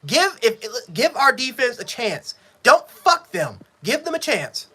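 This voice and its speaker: A man giving a live sports reaction, frustrated and profane, swinging between yelling and low muttering. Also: very animated, takes it slowly, background noise. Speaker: sports fan streamer.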